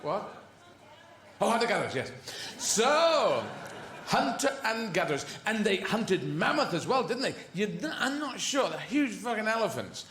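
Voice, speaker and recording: A man's voice: high voice, sing-song, normal speed, a bit bright. A man doing a stand-up comedy routine, rambling through tangents and swearing freely. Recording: echoey venue with faint ambience.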